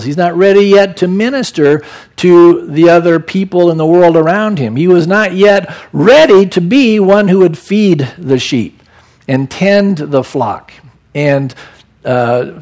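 A man preaching a sermon as a pastor, expressive and acting out the words of the people in the passage. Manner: expressive, acts out quoted voices with raised pitch.

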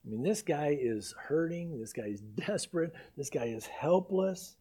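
Impassioned preacher man with a high, mellow voice. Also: expressive, normal speed, husky. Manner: impassioned preaching, rising loud on scripture, dropping soft and intimate. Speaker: pastor. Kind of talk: sermon.

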